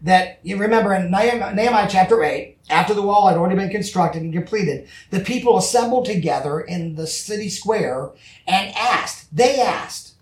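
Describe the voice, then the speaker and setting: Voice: mid-range voice, moderate pace. A pastor giving a conversational sermon, earnest and emphatic, often asking the congregation for agreement. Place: church. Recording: echoey church from far off.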